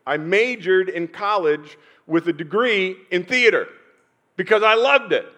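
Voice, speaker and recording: A middle-aged male pastor with a voice pitched a little above the usual for a man, preaching a sermon. He tells personal stories unhurriedly, pausing often, then swelling in loudness to drive a point home. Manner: personal storytelling with pauses and sudden swells in loudness.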